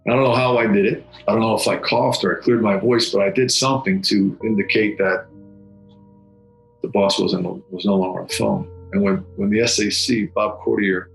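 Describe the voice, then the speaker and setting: Gravelly, halting middle-aged man. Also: fairly low pitch, fairly even intonation. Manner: halting, repeats words, solemn. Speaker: former federal agent recounting a memory. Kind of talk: personal testimony. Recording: echoey room with faint music.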